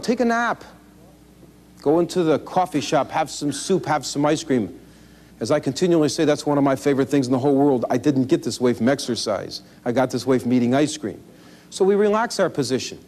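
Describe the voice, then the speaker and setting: A man teaching card counting in an instructional video, talking in a folksy, animated way with self-deprecating humor. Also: a little high. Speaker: blackjack instructor. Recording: 1980s VHS instructional tape.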